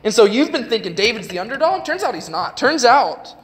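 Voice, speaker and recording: A young man delivers a casual, chatty youth sermon in a church sanctuary, retelling a story packed with "like." His voice is very high and sing-song, brisk and fairly bright. The recording carries a long hall reverb.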